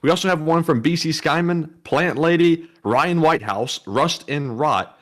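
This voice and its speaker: A man co-hosting a livestream, reading donor names in a steady voice and stumbling over his words now and then. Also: fairly high pitch, moderate pace. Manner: steady, reads long name lists, stumbles at times. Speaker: co-host reading donations. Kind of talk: casual livestream chat.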